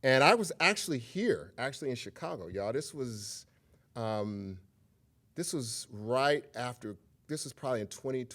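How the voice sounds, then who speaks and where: A man's voice: mid-range voice, animated, moderate pace, fairly bright tone. A man giving a public lecture, telling stories and talking directly to the audience in a conversational way. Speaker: guest lecturer.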